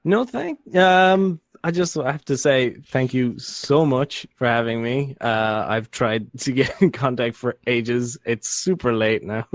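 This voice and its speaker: A man from Ireland with an Irish accent, calling in to a podcast, laid-back and quick to laugh. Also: medium pitch, dry recording, studio quality. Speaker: caller. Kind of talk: casual chat.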